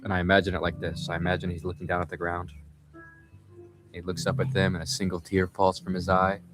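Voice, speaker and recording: A man's voice: deep voice, completely flat delivery, fast talker, music in the background. A young man hosting a livestream, telling a rambling story in casual chat, often breaking off mid-sentence. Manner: rambling, self-interrupting storytelling. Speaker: livestream host.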